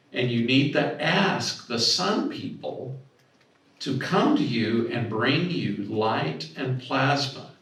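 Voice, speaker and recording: A middle-aged man tells a long anecdote to a conference audience, shifting into loud, animated voices for the people in his story. He is recorded from a distance in a very echoey hall, with his voice at a middle pitch. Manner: animated anecdote-telling, acts out dialogue with raised voice. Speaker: speaker at a symposium. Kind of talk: storytelling talk. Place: hotel conference room.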